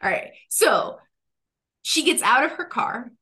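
A woman's voice: high-pitched, lively intonation, a little slow, pushed and bright. A woman telling a funny story in casual chat, acting out quotes and laughing often.

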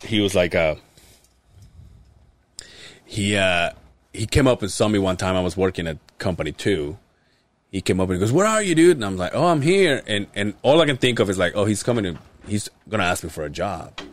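A man's voice: sits low, brisk, pauses often, no echo. A man hosting a podcast, telling crude stories in casual chat, often breaking into laughter. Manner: profane, laughing, does voices of people in stories. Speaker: podcast host.

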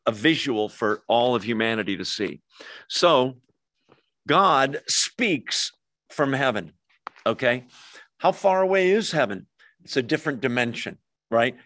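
A man preaching a verse-by-verse sermon, his pitch sitting in the middle of a man's range. He keeps putting questions to the congregation. The sound is dry and close, with no room echo. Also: a bit bright. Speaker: pastor.

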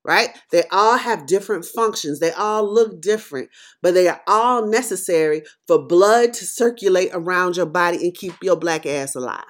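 Middle-aged woman podcaster, preacherly commentary that builds loud then drops quiet. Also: fairly low pitch, moderate pace. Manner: emphatic, preacherly, swings between loud and quiet. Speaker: podcast host. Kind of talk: impassioned commentary monologue.

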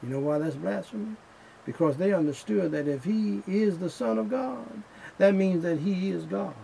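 A man preaching a sermon in a slow, emphatic style, returning again and again to the same refrains. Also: high-pitched, vocal fry, mellow, a little hiss or hum, rough recording.

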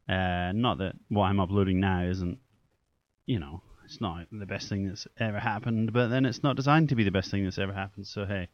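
A man's voice: fairly low pitch, no echo. A young man hosting his own podcast, rambling casually and poking fun at himself, swearing now and then. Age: young adult. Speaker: podcast host. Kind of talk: casual solo podcast chat. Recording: dull lo-fi dry recording.

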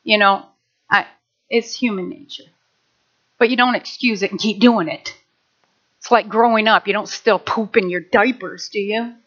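A middle-aged woman pastor preaching a sermon, animated, with asides and rhetorical questions. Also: mid-range voice, normal speed, pauses often. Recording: dull lo-fi recording.

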